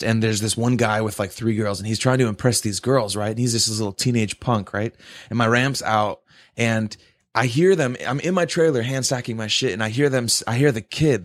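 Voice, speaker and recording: A man's voice: medium pitch, normal speed, no echo, studio quality. A man telling a long, profane story in a rambling casual way, often tagging "right?" onto his sentences. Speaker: podcast co-host telling a story.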